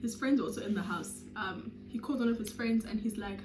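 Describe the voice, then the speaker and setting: A South African woman in her twenties telling a storytime vlog with animated, dramatic delivery and sudden loud bursts. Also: a little high, brisk, music in the background. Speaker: YouTuber. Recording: roomy echo.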